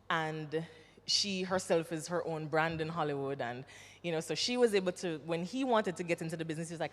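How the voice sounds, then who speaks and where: A woman from Jamaica with a Jamaican accent, an actress answering questions at a symposium, telling her story with lively acted-out quotes. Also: fairly low pitch. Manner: animated storyteller, acts out quoted voices. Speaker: actress and guest speaker. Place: symposium hall. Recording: reverberant hall.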